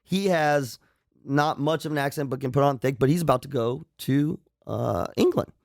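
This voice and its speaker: A man's voice: medium pitch, normal speed, vocal fry, no room sound, studio quality. A middle-aged man from Southern California, a psychologist co-hosting a radio show, explaining things in casual chat. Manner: explaining, eager to correct.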